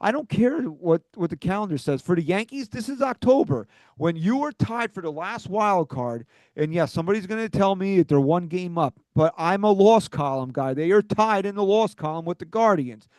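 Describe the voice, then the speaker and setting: A man's voice: high-pitched, animated, moderate pace, a little mellow, dry recording. A man hosting a sports talk podcast, agitated and ranting with swearing. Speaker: podcast host.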